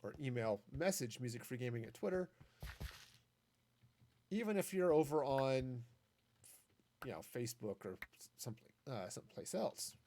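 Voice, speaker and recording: Man, game streamer, casual rambling chat, animated pitch, faint background hiss. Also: normal speed, long pauses. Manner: rambling, thinks aloud with many restarts. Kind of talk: casual commentary while gaming.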